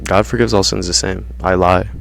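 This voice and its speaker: A man's voice: deep voice, fairly even intonation, normal speed, creaky. A man ranting casually to his viewers in slangy, profane talk, saying "bro" constantly. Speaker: vlogger. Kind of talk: casual rant to camera.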